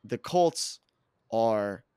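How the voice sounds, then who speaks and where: Hoarse male co-host, an excitable sports fan, with a dry, close sound. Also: on the low side, drawn-out words, no echo. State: hoarse, lost his voice. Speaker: podcast co-host; coach. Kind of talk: casual sports chat.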